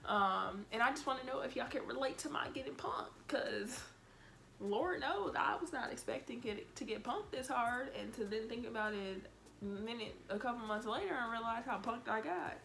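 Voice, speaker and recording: A woman's voice: on the high side, normal speed, creaky, slight background noise. A woman telling a storytime vlog in a blunt, exasperated way, cussing freely and acting out what she said back then. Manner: animated, acts out her own lines. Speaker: vlogger.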